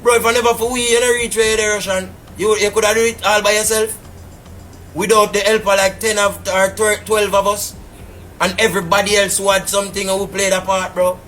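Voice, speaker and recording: A man speaks in a thick Jamaican patois accent, heated and indignant as he rambles through a casual live-stream rant. His voice sits fairly high and sounds bright and forceful. Faint music plays under him. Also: little pitch movement, a little fast. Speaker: businessman telling his side.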